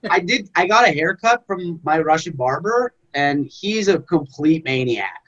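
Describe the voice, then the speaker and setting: A man with a fairly high voice tells a deadpan story on a comedy podcast. His sound is slightly dull and lo-fi. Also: a little slow. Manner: deadpan anecdote telling, voices others in quotes. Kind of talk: casual comedy podcast banter.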